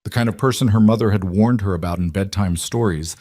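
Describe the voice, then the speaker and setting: A man narrating a dramatic romance story in a measured storytelling voice. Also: fairly low pitch, dark tone, no echo, clean studio sound.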